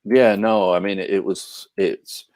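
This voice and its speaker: Low-voiced man in a halting comics chat. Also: steady tone, darkish tone. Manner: halting, many restarts. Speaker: podcast co-host. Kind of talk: casual chat.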